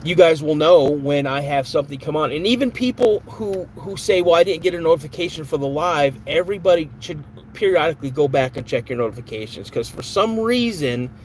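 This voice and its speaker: A man's voice: fairly high pitch, animated, brisk, a little hiss or hum, low-quality recording. A man hosting a podcast live stream, chatting casually with viewers in a rambling, off-the-cuff way. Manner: rambling, reads chat aloud, flares up angrily at a troll. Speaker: podcast host.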